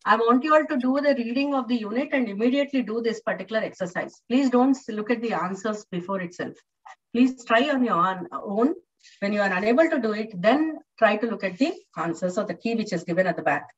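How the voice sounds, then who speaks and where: A woman's voice: a little high, animated, brisk. Female English lecturer, online class, patient and repetitive with fillers, set back from the mic, muffled line. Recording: distant, dull lo-fi online audio.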